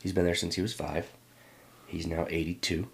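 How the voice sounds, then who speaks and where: A middle-aged man from Northern California, being interviewed and reflecting in a halting, thoughtful way. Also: low-pitched, flat delivery, gravelly, fairly bright tone.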